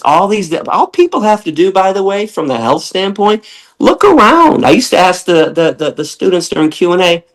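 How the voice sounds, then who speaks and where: A man's voice: on the high side, poor audio. A man from Michigan, a guest on a podcast, talking bluntly and with profanity, ranting and mocking opponents in quoted voices. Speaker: guest, animal rights lecturer. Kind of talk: impassioned podcast interview.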